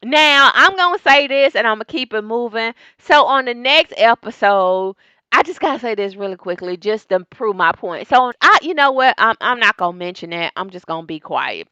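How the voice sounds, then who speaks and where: A woman dishes on a reality TV episode in a chatty recap vlog, calling her viewers "y'all" and "girl" and jumping up in pitch when something gets juicy. Her voice is bright and smooth, close to the mic in a dry room. The sound is a little dull, like a modest home setup. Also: moderate pace, no room sound. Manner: animated, jumps up in pitch when excited. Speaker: reality TV review vlogger. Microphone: desk microphone.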